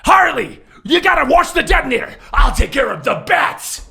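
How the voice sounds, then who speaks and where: A man voicing a manic, bossy male clown villain who shouts orders. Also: extremely high pitch, big pitch swings, normal speed, vocal fry, pitched above the performer's own voice, exaggerated voice.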